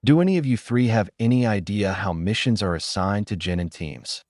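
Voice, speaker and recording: A man's voice: lowish voice, normal speed, darkish tone, no room sound, studio quality, lightly acted. A man voicing a young male ninja who is polite but mocking. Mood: teasing.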